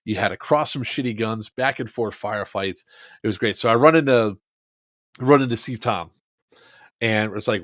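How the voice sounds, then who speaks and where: A man's voice: on the low side, normal speed, a bit bright, dry recording, highs cut off. A man hosting a podcast, casually and animatedly recounting an airsoft game, swearing and acting out the quotes with plenty of fillers. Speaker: podcast host.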